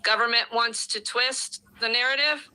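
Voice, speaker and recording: Bright, emphatic woman addressing viewers. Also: on the high side, fairly even intonation, normal speed, clean tone, rough recording. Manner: earnest, emphatic.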